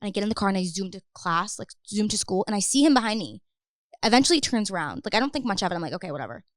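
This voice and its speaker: A woman's voice: medium pitch, very animated, racing, no echo, clean studio sound. A woman in her twenties, a podcast guest telling a story in a rambling, casual way, full of "like". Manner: rambling, heavy use of "like".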